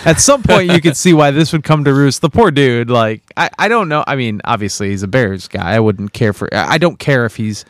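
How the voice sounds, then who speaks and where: Animated man teasing in sports chat. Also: mid-range voice, a little fast, hardly any pauses, no room sound, clean studio sound. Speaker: podcast co-host.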